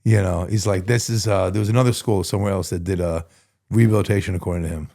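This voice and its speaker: Rambling, slangy man on the low side. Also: fairly even intonation, fast talker, dark tone. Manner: rambling, restarts words, slangy and candid. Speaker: guest in recovery. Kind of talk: casual conversational storytelling.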